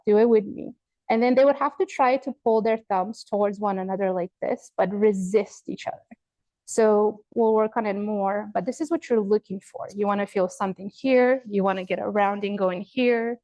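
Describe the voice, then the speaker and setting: Chatty woman in her forties teaching yoga. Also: mid-range voice. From Romania. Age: 40s. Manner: chatty, animated, addresses viewers as "you guys"; demonstrating poses while talking. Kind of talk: online workshop instruction.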